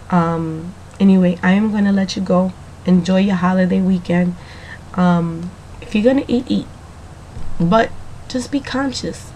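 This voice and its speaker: A woman keeping a casual video diary, chatty and rambling, talking straight to the viewer, slightly hoarse from allergies. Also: mid-range voice, mellow, a little hiss or hum.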